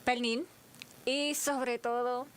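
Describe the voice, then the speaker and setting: A woman's voice: fairly high pitch, little pitch movement, slow pace, a little hiss or hum. A woman from Ponce, Puerto Rico, co-hosting an interview show and chatting easily between Spanish and English. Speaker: co-host. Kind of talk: casual chat.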